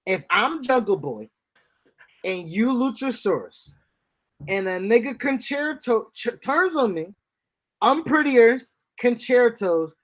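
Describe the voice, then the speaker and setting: A man co-hosting a wrestling podcast in casual chat, slangy and animated, cutting in and repeating himself for emphasis. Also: very high-pitched, slow pace. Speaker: podcast co-host.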